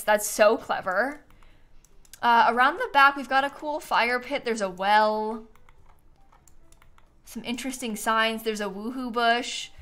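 Bubbly woman streamer with a lively voice. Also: fairly high pitch. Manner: bubbly, gushing, giggly. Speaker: game streamer. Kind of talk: casual live-stream commentary.

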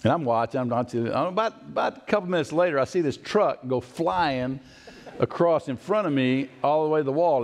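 This middle-aged male pastor has a fairly high, expressive voice and talks a little fast. His sermon centers on a family story, which he brings to life by acting out voices and slipping in asides.

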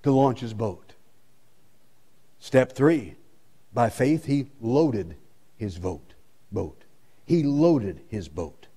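A man's voice: medium pitch, lively intonation, slow pace, long pauses, dark tone, breathy edge. A male pastor preaching a sermon with emphasis, repeating his key lines.

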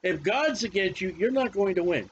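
A man's voice: sits high, expressive, normal speed, highs cut off, slight background noise. A male preacher teaching a Bible study sermon in a folksy, emphatic way, often repeating his phrases.

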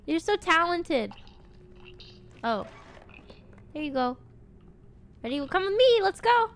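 A young woman streaming a horror game, chatting playfully and cooing to an in-game companion, swinging from quiet muttering to excited squeals. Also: very high voice, slow pace. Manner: playful, talks baby-talk to a game companion. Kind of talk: casual gameplay commentary.

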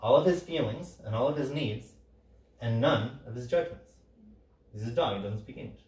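The recording is roomy and captured from a distance: a workshop facilitator with Sicilian roots talks casually at a normal speed and medium pitch. Full of energy, he performs quoted lines loudly and drops "right?" frequently.

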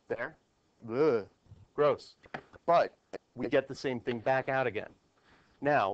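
A man's voice: medium pitch, muffled recording, slight background noise. A man teaching a math class at the board, explaining step by step and asking his students questions.

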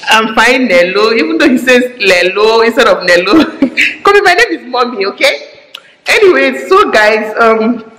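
Chatty Nigerian mom in an echoey room. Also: female voice, fairly high pitch, animated, a bit bright. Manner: chatty, joking, talks fast and a lot. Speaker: mom vlogger. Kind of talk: casual home vlog chat. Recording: echoey room with faint background noise.

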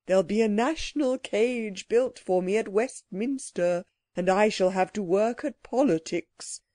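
A woman's voice: mid-range voice, measured pace, mellow, dry recording, clean studio sound, lightly acted. A woman voicing a grumpy magical sand creature in a children's audiobook, cross and threatening. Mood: furious.

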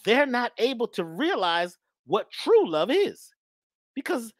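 A woman's voice: fairly high pitch, big pitch swings, slow pace, dry recording, clean studio sound. A woman giving an emphatic spiritual talk in a preachy manner, often repeating her phrases. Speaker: spiritual speaker.

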